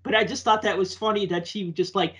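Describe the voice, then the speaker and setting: Animated man telling a story. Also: high-pitched, a little fast. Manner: animated storyteller, acts out quoted voices. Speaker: podcast co-host and teacher. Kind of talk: casual chat, storytelling.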